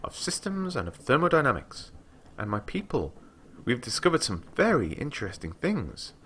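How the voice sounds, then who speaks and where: A man's voice: medium pitch, huge pitch swings, moderate pace, a bit bright, a little hiss or hum, pitched above the performer's own voice. A man voicing a lilting young woman mathematician. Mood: confiding.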